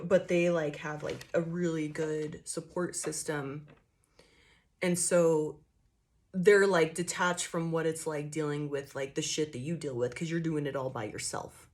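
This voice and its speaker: Blunt, profane woman ranting through a tarot reading. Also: sits low. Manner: blunt, profane, animated ranting with many fillers. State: jittery from coffee. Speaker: tarot reader. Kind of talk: casual collective tarot reading.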